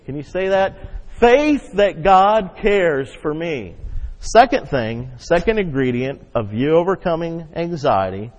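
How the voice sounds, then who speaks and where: Pastor guy preaching, punchy then hushed, kinda dull lo-fi sound. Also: on the high side. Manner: emphatic, swings from loud to hushed. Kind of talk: sermon. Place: church sanctuary. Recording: dull audio with long hall reverb.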